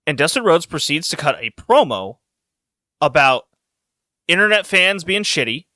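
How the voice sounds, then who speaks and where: A man co-hosting a podcast, telling a story in a casual, animated way and laughing along. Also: fairly high pitch, moderate pace, dry recording, clean studio sound. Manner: animated storytelling, laughing, voices rising when excited. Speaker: podcast co-host.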